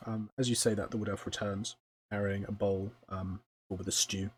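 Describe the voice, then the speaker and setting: A man narrating a tabletop game as game master, descriptive and unhurried, with frequent ums and uhs. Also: fairly low pitch, level tone, a little hiss or hum.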